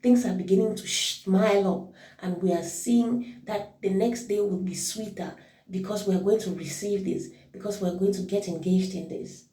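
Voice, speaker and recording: A woman's voice: mid-range voice, dark tone. A woman giving an informal devotional talk as a worship leader, reflective and thinking aloud as she corrects herself. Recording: roomy echo, mic at a distance.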